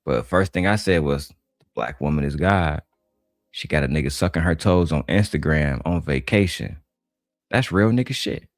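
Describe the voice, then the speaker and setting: A man's voice: extremely low pitch, animated, moderate pace, no echo, studio quality, faint music behind. A man from Detroit doing blunt, profane, slang-heavy reaction commentary. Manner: blunt, trash-talking, slangy. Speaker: commentator reacting to a panel clip.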